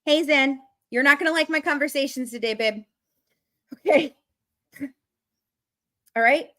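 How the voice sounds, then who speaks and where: A woman's voice: high voice, unhurried, sharp tone. A woman talking casually to viewers about a true-crime case, emphatic and repetitive, swearing as she gets angry. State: openly angry.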